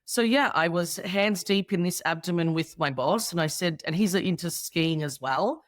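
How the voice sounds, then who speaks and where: A woman's voice: on the low side, normal speed, dry recording, clean studio sound. An Australian woman in her thirties, a guest comedian in a casual interview chat, telling stories with animation and acting out the people she quotes.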